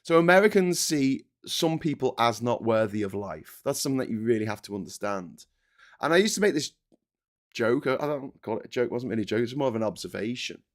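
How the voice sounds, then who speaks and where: A man's voice: mid-range voice, lively intonation, fast. A man hosting a political commentary monologue, ranting with passion and repeating himself. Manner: impassioned, repetitive, ranting. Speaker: host.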